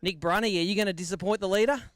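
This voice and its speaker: High, clear Australian MC bantering. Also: male voice, very fast, fairly bright tone, no echo, studio quality. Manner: chatty, bantering with anglers. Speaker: weigh-in MC. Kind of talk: live tournament commentary. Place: outdoor lakeside weigh-in.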